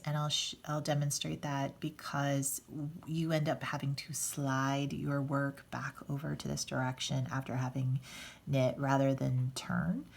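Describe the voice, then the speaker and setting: A woman's voice: deep voice, vocal fry. A woman teaching a casual hands-on knitting tutorial, patient and chatty, with fillers and restarts as she explains each step. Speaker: knitting instructor.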